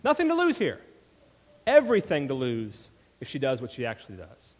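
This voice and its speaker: Animated preacher in a reverberant hall. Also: male voice, mid-range voice, brisk. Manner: conversational, frequent "right?" asides. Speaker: pastor. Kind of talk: sermon. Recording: long reverb of a large hall.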